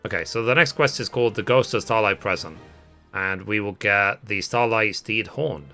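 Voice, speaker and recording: Man, casual game walkthrough commentary, lowish voice with a bright, forceful edge. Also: fairly quick. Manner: casual, plain narration of quest steps. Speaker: gaming guide creator.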